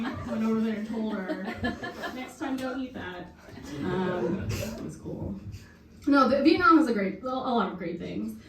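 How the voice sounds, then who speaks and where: A young woman performing a deadpan stand-up set, laughing at her own jokes. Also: fairly high pitch, noisy background. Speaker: stand-up comic. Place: basement comedy show. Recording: echoey basement, far from mic, crowd. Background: audience laughter.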